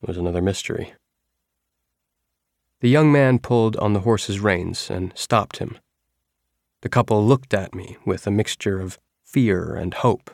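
A man reading a first-person novel aloud in a measured, even storytelling manner. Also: on the low side, vocal fry, no room sound, studio quality. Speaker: audiobook narrator.

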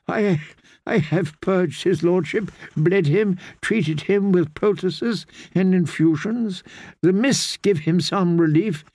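A man's voice: high-pitched, a little mellow, dry recording, studio quality, pitched above the performer's own voice. A man voicing an elderly, timid court healer who stammers and quavers. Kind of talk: audiobook character voice.

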